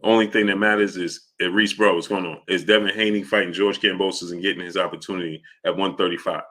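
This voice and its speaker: A man hosting a live stream in casual, argumentative commentary. His voice sits fairly low but comes out forceful and bright. He keeps repeating himself and breaks off to call out viewers' names from the chat. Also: fairly even intonation, quick pace. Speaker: boxing live-stream host.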